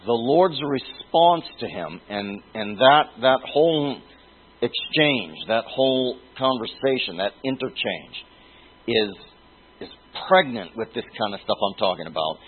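A man teaching a Bible sermon in a deliberate way, stopping to restate and refine his phrases. The recording sounds tinny and phone-like. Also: mid-range voice, animated, breathy edge. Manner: deliberate, restates phrases while searching for words.

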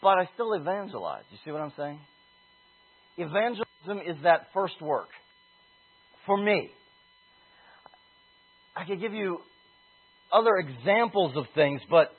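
Husky preacher on a tinny line. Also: male voice, high voice, slow pace, long pauses. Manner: animated storytelling, shouting out quoted calls. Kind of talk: sermon with personal story.

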